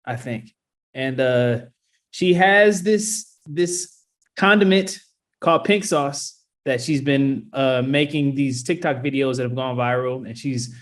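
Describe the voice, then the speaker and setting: A man, the show's producer, explaining something in a halting casual way with fillers. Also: medium pitch. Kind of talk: casual chat.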